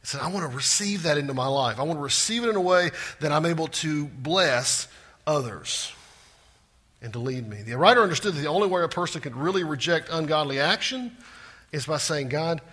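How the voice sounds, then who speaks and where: A man preaching with a bright, forceful voice pitched a touch high. He drives points home with repetition, then drops to quiet asides. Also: a little fast. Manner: animated preaching, repeats for emphasis, swings from loud to hushed. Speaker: pastor. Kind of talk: sermon.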